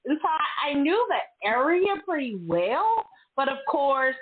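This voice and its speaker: Middle-aged lady hosting, animated storyteller, sounds like over the phone. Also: sits high, unhurried. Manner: candid, chatty, animated self-quoting storyteller. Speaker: host. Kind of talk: casual chat. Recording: tinny phone-like audio.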